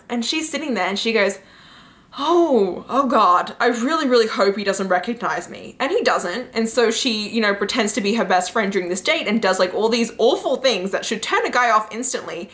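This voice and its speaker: A woman's voice: on the high side, brisk, few pauses. Chatty woman gushing over webcomics. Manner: chatty, animated retelling of plots, frequent "like" and "you know". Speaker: book and webcomic reviewer. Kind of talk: casual recommendation chat.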